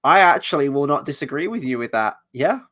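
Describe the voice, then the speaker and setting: A man's voice: fairly high pitch, lively intonation, brisk, fairly bright tone. Male host, casual review chat, blunt, reads viewer comments.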